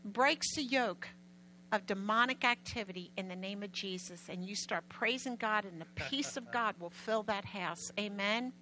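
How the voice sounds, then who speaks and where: A woman preacher telling a story to her congregation in an animated, emphatic way, often getting loud. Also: medium pitch, moderate pace, a little hiss or hum, low-quality recording. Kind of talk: sermon storytelling.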